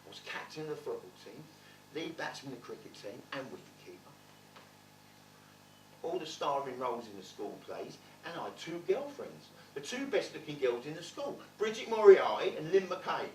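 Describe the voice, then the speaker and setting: Bloke playing a cheeky geezer spinning his life story, bit high voice, roomy theatre, mic far off. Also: big pitch swings, normal speed, darkish tone, a little hiss or hum. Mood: wry. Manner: wry, blunt, swearing storyteller. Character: streetwise London man recalling his rough childhood. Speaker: stage actor in a one-man play. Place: theatre stage.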